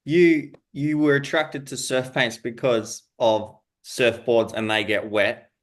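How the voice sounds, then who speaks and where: Man, company interviewer, casual, enthusiastic, quick affirmations. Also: medium pitch, steady tone.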